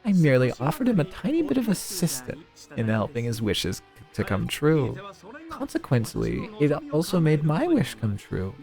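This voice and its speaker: A man voicing a smug, calmly manipulative male villain from a video game, reading its lines in a silky, condescending way. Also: fairly high pitch, normal speed, creaky, soft background music, pitched above the performer's own voice, exaggerated voice.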